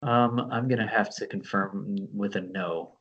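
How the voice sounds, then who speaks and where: A laid-back man chats casually as a podcast co-host and laughs easily. His voice is gravelly, with plenty of fry. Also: lowish voice, steady tone, unhurried, a bit bright, lo-fi sound, a little hiss or hum. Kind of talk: casual chat.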